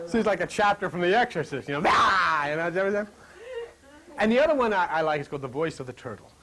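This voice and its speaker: A man preaching a lively sermon to a congregation, joking and dropping to a whisper to stress points. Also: high-pitched, normal speed, pauses often. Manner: animated, jokey, drops to whispers for emphasis.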